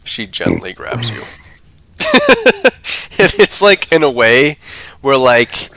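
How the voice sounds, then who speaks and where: A man's voice: mid-range voice, huge pitch swings, slow, crowd noise. A man narrating as dungeon master of a tabletop game, laughing often as he describes the scene.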